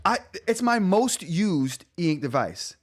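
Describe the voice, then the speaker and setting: A man's voice: high-pitched, sing-song, slow. A man in his forties hosting a live tech stream, talking casually, rambling and correcting himself, often laughing. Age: 40s. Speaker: tech show host.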